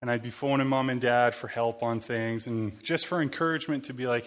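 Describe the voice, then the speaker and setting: A man's voice: medium pitch, steady tone, a little fast. A man giving a loose, conversational sermon, rambling and informal with lots of fillers. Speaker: preacher.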